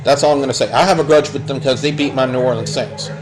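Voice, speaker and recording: A man's voice: mid-range voice, fairly even intonation, fast talker, poor audio. A man giving a blunt, opinionated spoken review of a wrestling show, rambling and restarting his sentences.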